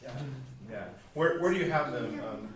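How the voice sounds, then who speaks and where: A man's voice: medium pitch, animated, normal speed, a crowd in the background. A man coaching a string quartet in a masterclass, playful and given to vivid sound words. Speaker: masterclass teacher. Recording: echoey hall from far off.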